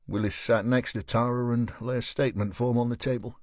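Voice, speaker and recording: A man's voice: mid-range voice, steady tone, brisk, few pauses, no echo. Man narrating an audiobook, dry and close. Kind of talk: scripted narration.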